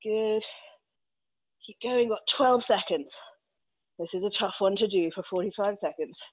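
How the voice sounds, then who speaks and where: A woman's voice: mid-range voice, unhurried, no room sound, muffled recording. A woman leading a home workout as fitness instructor, encouraging and counting reps aloud, out of breath between exercises. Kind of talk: live workout coaching.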